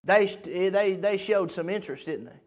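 High-voiced preacher building to shouts. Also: male voice, normal speed. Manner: builds from quiet conversational talk to shouting peaks; repeats words and phrases, preacher cadence. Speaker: pastor. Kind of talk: sermon.

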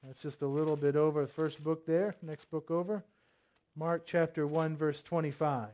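A man's voice: a little high, flat delivery, moderate pace, warm tone. A man preaching a sermon, reading scripture aloud, firmly voicing commands and asking the congregation many questions. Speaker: pastor.

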